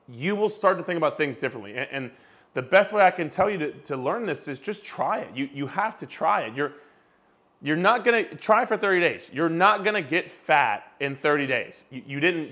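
A fitness coach talking straight to his viewers in a blunt, insistent rant. The man swears freely and keeps repeating words as he drives each point home, his voice sitting a little higher than most men's. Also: a bit bright. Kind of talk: direct-to-camera rant.

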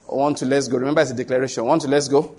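A man preaching a sermon as pastor, emphatic with sudden loud rises and rhetorical questions. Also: mid-range voice, fairly even intonation, rapid-fire, a crowd in the background.

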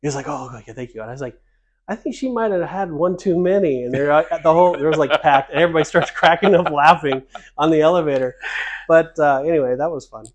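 Man, podcast co-host, slightly higher voice, animated storyteller, chuckles mid-sentence. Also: fast, muffled recording. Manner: animated storyteller, laughs while telling. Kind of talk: casual chat. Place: cruise ship.

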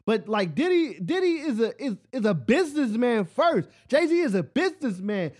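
A man with a very high voice hosts his own show and rants in a loose, rambling way. He keeps asking if you follow him and often laughs at his own jokes. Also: moderate pace. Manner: rambling, animated, repeats "you know what I'm saying". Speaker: podcast host. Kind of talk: solo casual rant.

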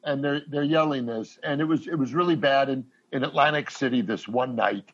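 Husky man telling rambling stories. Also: mid-range voice, muffled recording. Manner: rambling, halting anecdotes with quoted voices. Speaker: comedian guest. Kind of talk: casual storytelling.

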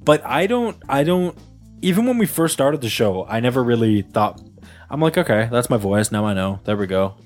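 A young man hosting a casual podcast in an apartment, with a natural radio voice and a jokey, animated way of talking. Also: mid-range voice, normal speed, faint music behind. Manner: animated, jokey, slips into exaggerated bits. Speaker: podcast host.

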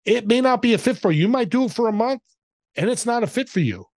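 A man's voice: very high voice, expressive, fast talker, darkish tone, no echo, studio quality. A man guesting on a podcast, telling stories in an upbeat, motivational way. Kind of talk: casual interview chat.

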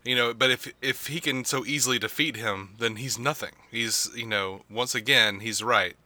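A man co-hosting a casual podcast, speaking thoughtfully with halting restarts. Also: medium pitch, sharp tone, no echo. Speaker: podcast co-host.

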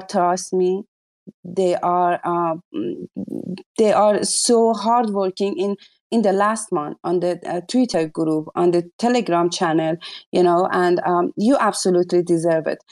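A woman's voice: fairly low pitch, steady tone, a little slow, a little mellow. A woman hosting a live audio chat, effusive and exclaiming often, speaking in broken non-native English.

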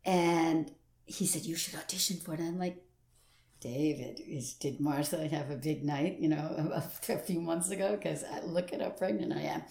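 Older woman, actress guest, animated storyteller, slightly low voice, roomy echo. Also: normal speed, gravelly. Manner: animated storyteller who acts out quoted voices and laughs often. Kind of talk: casual interview chat.

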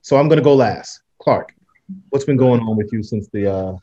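A male podcast host in casual conversation, talking at an everyday pitch. He rants and swears freely as he tells his stories. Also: normal speed, warm tone, muffled recording. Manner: profane, ranting. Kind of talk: casual chat.

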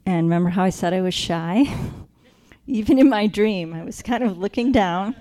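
A woman sharing a personal faith testimony, earnest and reflective, slowing down to stress key moments. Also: medium pitch, warm tone. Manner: earnest, reflective, slows down for emphasis.

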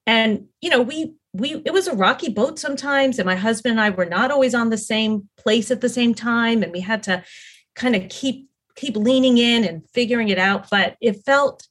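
A middle-aged woman talking as a podcast guest, telling her story in an earnest, rambling way with many fillers and restarts. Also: on the high side. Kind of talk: casual conversational storytelling.

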